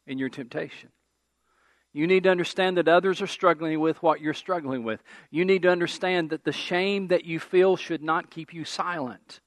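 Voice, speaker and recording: A male pastor preaching a sermon, repeating key phrases and slowing down to stress scripture, and leading the congregation in call-and-response. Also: on the high side, a bit bright, dry recording.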